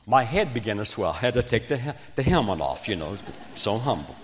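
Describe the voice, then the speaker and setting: A man from Virginia, preaching a revival sermon and telling a story with swings between loud emphasis and quiet asides. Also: fairly low pitch, very animated, fairly quick. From West Virginia. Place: church sanctuary. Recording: long reverb of a church hall.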